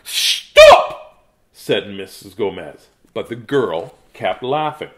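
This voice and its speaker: A middle-aged man reads a children's book aloud in a chatty, jokey way. His voice moves a lot in pitch and stays lively throughout. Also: unhurried. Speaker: host reading children's books. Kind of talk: casual read-aloud to a live chat.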